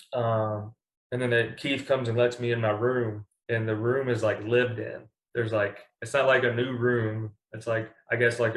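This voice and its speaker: A young man from Kentucky telling stories as a guest in a casual interview, rambling and full of fillers. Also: mid-range voice. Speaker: baseball pitcher, guest. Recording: echoey room.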